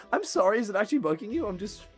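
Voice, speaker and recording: A man's voice: high voice, big pitch swings, quick pace, soft background music. A man playing in a tabletop game, joking with the table. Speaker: player. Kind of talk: casual tabletop game play.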